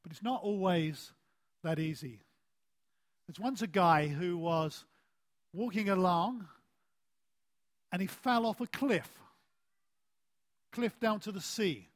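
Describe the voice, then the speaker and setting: A man preaching a sermon in a deliberate way, with emphatic phrases that fall soft at the end and a lively, climbing voice for stories. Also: sits high. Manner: animated storytelling with a rising voice.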